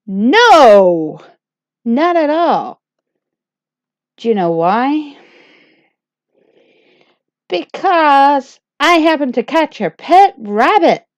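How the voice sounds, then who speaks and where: Slow rambling comic woman storyteller. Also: high-pitched, sing-song, dry recording. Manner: rambling, self-deprecating, playful. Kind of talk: comic first-person storytelling. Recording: dull lo-fi dry recording.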